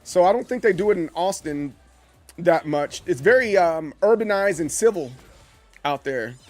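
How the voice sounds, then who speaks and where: Animated man with a high voice. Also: normal speed, soft background music. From Southern US. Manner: animated, stumbling restarts, acts out quoted voices. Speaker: streamer. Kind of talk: casual live-stream chat with chat.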